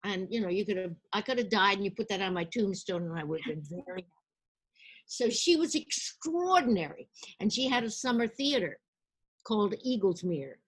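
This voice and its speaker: An older woman, an actress, recounting her past in a storytelling interview, lively and acting out the people she quotes. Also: mid-range voice, brisk, slightly rough.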